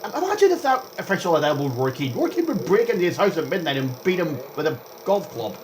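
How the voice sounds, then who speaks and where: A young man rambling through gameplay commentary as a vlogger, chatty and excitable, jumping between topics and reacting aloud to the game. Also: fairly high pitch, fast talker, slight background noise. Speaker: gaming vlogger.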